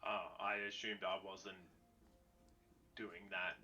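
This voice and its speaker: Deep bright-toned man in a casual game chat. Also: little pitch movement, slow, lo-fi sound, faint music behind. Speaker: player.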